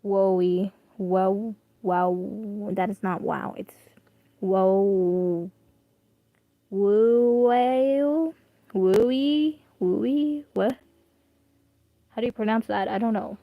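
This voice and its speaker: A woman's voice: medium pitch, steady tone, slow pace, gravelly, no room sound, narrow, tinny audio. A young woman chatting casually and rambling while reading a story aloud on stream. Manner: rambling, self-deprecating, bursts of laughter.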